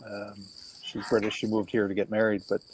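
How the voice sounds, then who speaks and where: A man's voice: on the low side, monotone, a little fast, a little hiss or hum. A laid-back man from Canada chatting casually on a stream and telling stories. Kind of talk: casual chat.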